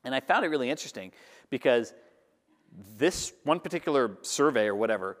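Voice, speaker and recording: A man giving a lively talk to a live audience, acting out the voices of the people he describes. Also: mid-range voice, a little fast. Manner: animated, acts out audience voices. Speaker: public speaker. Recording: long hall reverb.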